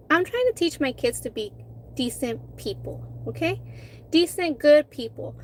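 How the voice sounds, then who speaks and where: Candid, heated woman vlogger. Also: sits high. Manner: candid, heated storytelling with frequent swearing; chatty, with many restarts and fillers. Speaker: food vlogger. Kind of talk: casual chat while eating.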